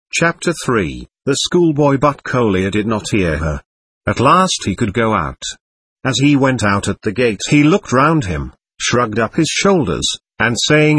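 A male audiobook narrator reads in a measured, expressive way, his pitch moving widely across each sentence. His voice is husky, and the recording is dry and close to the mic. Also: no room sound. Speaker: audiobook reader.

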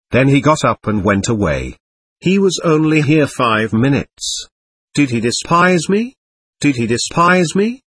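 A man voicing an excitable, capricious teenage girl, talking intensely and darting between teasing and pleading. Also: medium pitch, slightly rough, heavily acted.

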